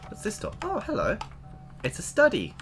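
A man narrating his own playthrough in a casual, chatty way, his voice leaping wildly up and down as he exclaims at each discovery. His tone is bright and sharp, and he talks straight to his viewers. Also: sits high, huge pitch swings, moderate pace, faint music behind. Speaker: let's play gamer. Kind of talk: casual game commentary.

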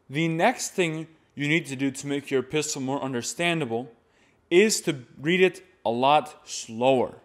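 Male chant teacher, clear explanatory delivery, voice sits a little high. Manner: plain, explanatory, with sung demonstrations. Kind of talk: instructional talk to camera.

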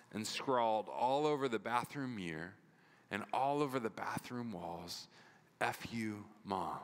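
A man's voice: mid-range voice, pushed and bright, smooth. Pastor guy telling a story in his sermon, chatty and earnest, reverb from a big church. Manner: conversational, earnest, with frequent "like" and repeats. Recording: long hall reverb.

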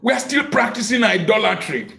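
A middle-aged man preaching a sermon, impassioned and full of rhetorical questions, sometimes breaking into shouts. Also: sits high, lively intonation, measured pace. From Africa.

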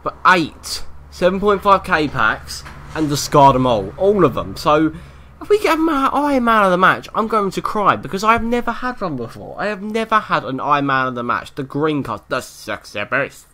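Man, gameplay commentary, lively swooping pitch, bright tone, excitable, swears constantly. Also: normal speed. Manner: excitable, swears a lot, yells at the game. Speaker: gaming YouTuber.

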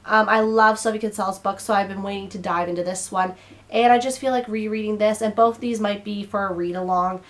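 A woman's voice: medium pitch, steady tone, fairly quick. A young woman chatting casually to camera as a book vlogger, her throat a little strained, rambling and now and then stumbling over her words.

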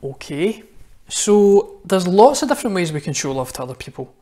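A man's voice: high voice, sing-song, normal speed, mellow. A man with a Scottish accent giving a friendly children's talk for an online church service, chatting directly to the young viewers at home. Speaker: church minister. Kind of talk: children's address.

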